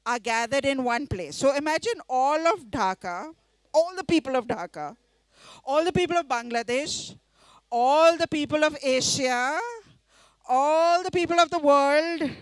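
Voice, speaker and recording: A woman from India, reading her story aloud in a festival tent, lively and coaxing the audience to join in. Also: high-pitched, no room sound. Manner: lively, coaxes the audience to join in, laughs often.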